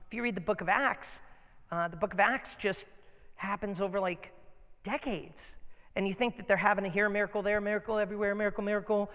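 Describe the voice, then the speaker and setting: Male pastor, sermon, casual animated storytelling, bright forceful tone, reverberant church. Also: sits high, brisk.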